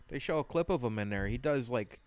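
Wry, deadpan man co-host. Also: mid-range voice, normal speed, a little hiss or hum. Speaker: podcast co-host. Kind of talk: casual chat.

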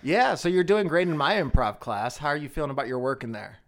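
A man's voice: fairly high pitch, fast. A man hosting a casual interview as an improv teacher, easygoing and encouraging, laughing easily. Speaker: podcast host and improv teacher.

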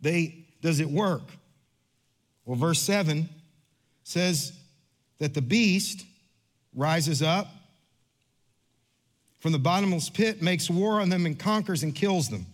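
Pastor, man in his fifties, sermon delivery, animated storyteller, slightly higher voice. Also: slow, pauses often. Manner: storytelling with lively quoted voices, rising to earnest emphasis.

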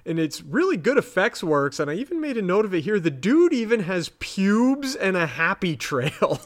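A man co-hosting a podcast, casually recapping a TV episode in an animated way and jumping up high when he is grossed out. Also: normal speed. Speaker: podcast co-host.

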